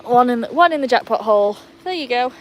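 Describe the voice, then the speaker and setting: Chatting away on a laid-back garden livestream, this host fusses over her dogs while addressing her viewers. Her expressive voice is on the high side and fast. The highs are cut off, and there's slight background noise.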